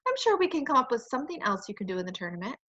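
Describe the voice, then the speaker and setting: A patient male teacher, read by a woman, speaking quietly and dryly in a bright, fairly high voice. The recording is dull and lo-fi. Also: very animated, racing, exaggerated voice. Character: patient, dry male schoolteacher.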